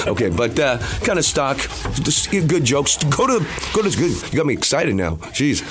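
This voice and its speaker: A male comedian talks in quick, restless bursts, breaking into one silly voice after another. His pitch sits in the middle and swings widely up and down, so he never sounds flat. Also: crowd noise. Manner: rapid-fire, jumps in and out of funny voices. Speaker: comedian guest. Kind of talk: improvised comic chat with impressions.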